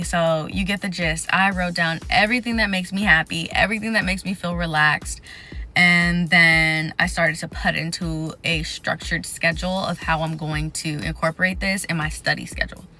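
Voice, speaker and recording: A young woman vlogging about resetting after failed exams, candid and chatty, listing things off in quick runs. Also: on the low side, pushed and bright. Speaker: vlogger sharing exam advice. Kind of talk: casual talking-to-camera vlog.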